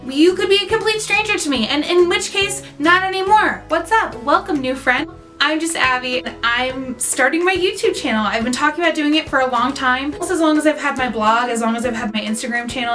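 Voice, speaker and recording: A woman's voice: sits high, a bit bright. A young woman from central Pennsylvania chatting to camera in a bubbly, self-mocking way. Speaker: vlogger. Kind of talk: casual chat to camera.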